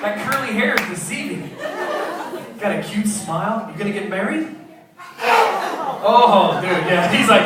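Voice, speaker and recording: A man's voice: sits high, very animated, a little slow, pauses often, recorded from a distance, heavy background noise. A man doing a brash stand-up set on a comedy club stage, teasing people in the audience. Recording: echoey club recording from afar, loud crowd. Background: crowd laughter.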